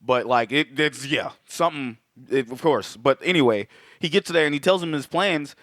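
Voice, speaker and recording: A man co-hosting a podcast, casually recapping a film and swearing a lot as he acts out lines in quick voices. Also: medium pitch, a bit bright, dry recording, studio quality. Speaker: podcast co-host.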